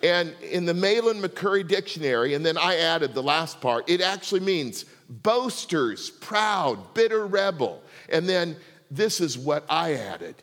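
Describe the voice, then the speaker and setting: A man's voice: fairly high pitch, very animated, measured pace, few pauses, a bit bright, long reverb tail. A middle-aged male pastor giving a conversational sermon, often checking in with the congregation. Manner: conversational preaching, asks the congregation for responses.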